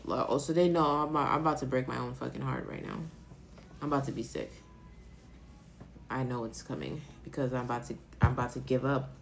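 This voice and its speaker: A woman's voice: extremely low pitch, a little fast, vocal fry, faint music behind. A woman giving a live-stream tarot reading, talking emotionally and rambling, with casual swearing. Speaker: tarot reader.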